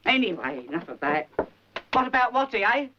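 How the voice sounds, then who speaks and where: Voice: big pitch swings, brisk, close to an everyday voice. An actor playing a nagging old psychic mother. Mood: fussing. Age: older. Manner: fussy, gossipy, rambling, theatrical swoops in pitch. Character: nagging, overbearing elderly mother posing as a psychic. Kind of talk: 1970s film comedy acting. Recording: dull old film soundtrack with faint hiss.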